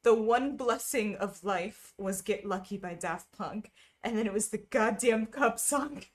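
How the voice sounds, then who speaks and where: A woman's voice: mid-range voice, unhurried. A woman streaming casually, chatting with viewers while she stitches, full of wry asides and frequent laughter.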